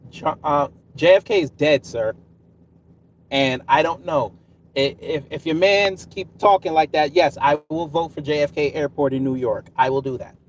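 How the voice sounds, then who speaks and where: A man's voice: on the high side, far from the mic, muffled recording, slight background noise. Sarcastic man ranting at his live chat. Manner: combative, sarcastic, answers chat directly. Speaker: livestream host. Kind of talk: casual live-stream rant to chat.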